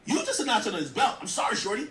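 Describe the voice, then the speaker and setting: A man's voice: very high-pitched, big pitch swings, racing, a bit bright, roomy sound, distant mic. A man giving blunt, profane, mocking commentary in a rant. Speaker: streamer commentator. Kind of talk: ranting commentary.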